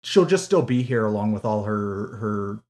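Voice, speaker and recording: On a casual podcast, a female co-host picks a book to pieces, swearing and sounding sarcastically incredulous. She has a rumbling low, darkish voice with lively intonation and talks at normal speed.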